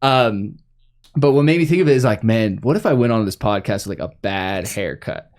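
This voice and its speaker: A man's voice: on the low side, lively intonation, fairly quick, a little mellow. A young man, hosting a podcast and telling stories in a casual, filler-heavy way. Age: young adult. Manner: storytelling with lots of fillers. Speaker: podcast host. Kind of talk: casual chat.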